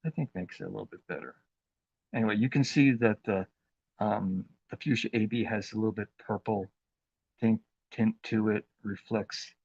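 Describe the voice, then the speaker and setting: A man hosting a live craft demonstration, talking in an unhurried, chatty way with plenty of fillers as he works with his hands. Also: lowish voice, fairly even intonation, vocal fry, darkish tone, breathy edge, no room sound, dull audio. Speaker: craft demo host.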